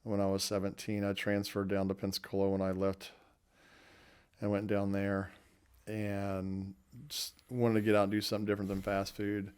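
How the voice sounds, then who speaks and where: A man's voice: fairly low pitch, darkish tone, clean tone. A man in his fifties telling folksy, rambling anecdotes about his restaurant career in a casual interview. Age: 50s.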